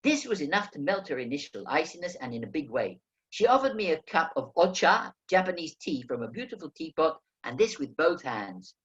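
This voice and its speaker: A man narrating a first-person memoir as an audiobook reader, telling the story in a lively way. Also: on the high side, brisk, highs cut off. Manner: lively storytelling, acting out quoted speech.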